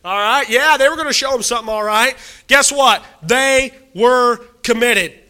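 A man preaching a sermon, talking to the congregation and swinging between loud exhortation and quiet scripture reading. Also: very high-pitched, fairly quick, clear, resonant tone.

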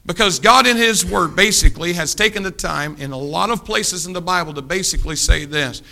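An older man preaching a sermon, telling stories, moving between hushed asides and emphatic points. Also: high voice, fairly quick, vocal fry.

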